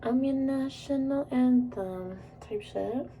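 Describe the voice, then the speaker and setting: Young female vlogger, gravelly mellow voice, giggly swearing ramble, phone mic a bit off with faint room hum. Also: high voice, slow pace, far from the mic. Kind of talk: casual vlog chat while doing makeup. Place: indoors at home.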